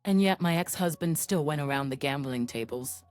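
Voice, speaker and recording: A woman narrating a first-person story in an even, measured scripted reading. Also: deep voice, no room sound.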